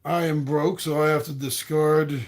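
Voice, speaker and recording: A man's voice: on the high side, normal speed. A man hosting a board game playthrough, chatting casually and joking as he plays. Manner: playful, jokey, animated.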